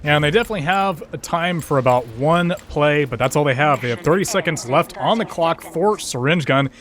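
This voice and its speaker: A man giving steady, analytical color commentary as an esports caster, leaning on fillers. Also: a little high, brisk. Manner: steady explaining, many fillers like kinda.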